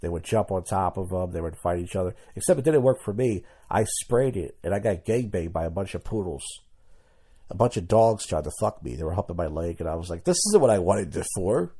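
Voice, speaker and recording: A man's voice: low voice, brisk, mellow, husky. A young adult man hosting a podcast, telling crude, rambling comedic stories and mimicking people he quotes. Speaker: podcast host. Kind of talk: comedic monologue.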